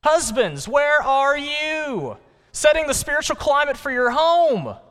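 A man preaching who voices God as a stern divine father, calling loudly and insistently, rising in pitch. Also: sing-song, measured pace, heavily acted. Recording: long church-hall reverb.

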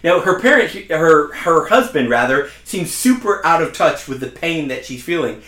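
A man's voice: fairly high pitch, expressive, normal speed, bright, forceful tone. A young adult man preaching a sermon, earnest and conversational, mixing personal stories with scripture. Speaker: pastor. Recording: echoey room.

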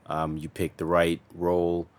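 A man with a very low voice co-hosts a relaxed talk show. He jokes around loosely and repeats himself for emphasis. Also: unhurried, clear, resonant tone. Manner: loose and joking, repeats words. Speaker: co-host. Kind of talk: casual radio chat.

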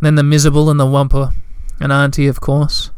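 A man's voice: a little high, completely flat delivery, brisk, darkish tone, clean tone, dry recording, studio quality, lightly acted. A man reading a storybook, voicing a sullen, harried male creature who mumbles and grumbles.

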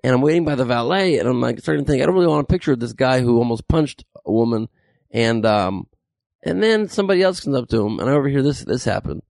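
Man, gravelly voice, casual comic storytelling, animated, dry close sound. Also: mid-range voice, fast talker, no room sound. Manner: animated, acts out quoted voices. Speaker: comedian telling a story.

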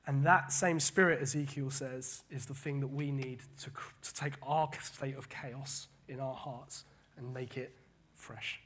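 A man preaching a casual sermon, animated, often repeating words and paraphrasing scripture. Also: mid-range voice, a little slow.

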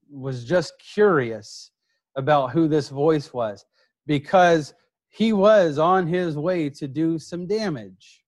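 Emphatic preacher man, slow deliberate delivery. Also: darkish tone. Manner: emphatic, repeats key words, drops low for quoted lines. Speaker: pastor. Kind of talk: sermon.

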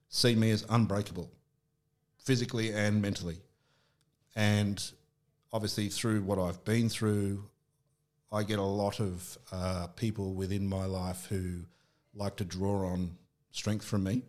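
A middle-aged man with an Australian accent speaks in a somewhat low voice. He talks candidly in a relaxed podcast chat and often restarts his sentences. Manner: candid storytelling with frequent restarts and fillers. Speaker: podcast guest. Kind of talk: casual conversation.

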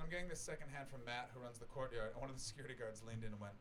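Rapid-fire and barely pausing, a Canadian man in a mid-range, fairly bright voice does stand-up storytelling at a small festival venue. The long tale rambles, mocks himself, is full of swearing, and features voices he acts out for the people in it.

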